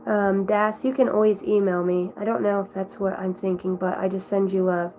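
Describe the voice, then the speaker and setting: A woman reading tarot cards on a live stream, talking in a warm, rambling, affectionate way and shifting between guidance and chat with viewers. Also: mid-range voice, flat delivery, normal speed, slight background noise, poor audio. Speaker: tarot card reader.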